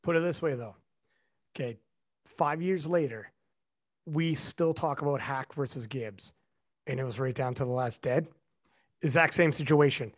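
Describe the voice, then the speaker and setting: With a mid-range voice at normal speed and frequent pauses, this young podcast host spins animated stories in casual chat, quoting other people and cursing freely.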